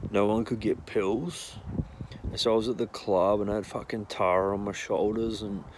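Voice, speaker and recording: A man's voice: lowish voice, noisy background. A young man with an Australian accent telling rambling, crude stories in casual talk and swearing freely. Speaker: storyteller. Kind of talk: casual storytelling.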